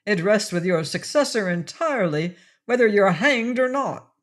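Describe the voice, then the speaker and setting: A woman's voice: mid-range voice, expressive, moderate pace, voice pushed up, lightly acted. A woman reading an audiobook, voicing an elegant little colonial lord who speaks dryly and with formal authority.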